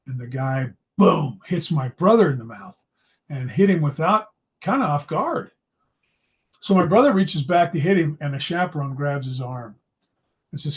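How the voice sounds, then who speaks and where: A man from Idaho, USA, a storyteller and psychology video host, recounts a personal story from his school days. His voice is fairly high and animated at a normal speed, and his casual, anecdotal telling is full of self-deprecating humor.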